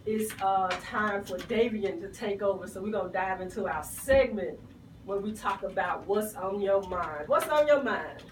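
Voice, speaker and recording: Woman radio host, sick and subdued, echoey off-mic sound with clear noise. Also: medium pitch, normal speed, distant mic. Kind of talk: radio talk show hosting.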